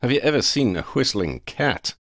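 Man doing a sardonic talking cat, grumbling and dry, slightly raised pitch, dry close sound. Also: very animated, moderate pace, a bit bright, dry recording.

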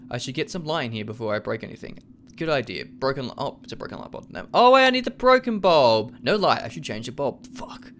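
Playing a game and talking through it, a young man drops plenty of profanity and pokes fun at himself in a jokey let's play. He speaks fast in a fairly bright mid-range voice, with slight background noise.

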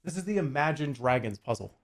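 Chatting with his viewers during a casual livestream, a man in his forties cracks jokes and swears as he works on a puzzle. His voice is on the high side, animated and quick.

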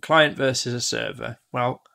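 A man's voice: mid-range voice, fairly even intonation, unhurried, creaky, pushed and bright. A man from the UK teaching one-to-one in a casual, chatty way, often acting out devices in silly voices. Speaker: tutor.

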